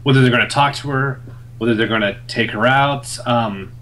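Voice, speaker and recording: A young man on a podcast, recapping a comic in casual chat, full of fillers and quick laughs. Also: medium pitch. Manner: animated storyteller, many fillers, laughs often. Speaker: podcast co-host reviewing a comic.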